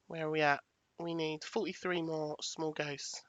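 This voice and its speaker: Her voice sits low with little pitch movement, and she speaks a little slowly. Setting up a presentation on a casual livestream, she chats with viewers, thanks them and thinks aloud while picking graphics, and the audio is dull with no echo.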